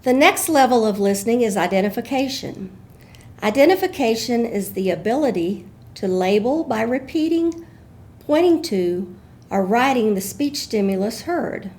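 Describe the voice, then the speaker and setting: A woman giving measured, explanatory scripted narration as an instructor. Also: on the high side, expressive, a little mellow.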